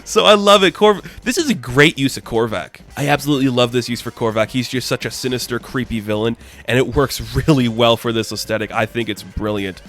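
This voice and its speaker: A man's voice: mid-range voice, a little fast, hardly any pauses, fairly bright tone, soft background music. A man giving a casual, enthusiastic comic book recap, chatty and loose, with casual swearing.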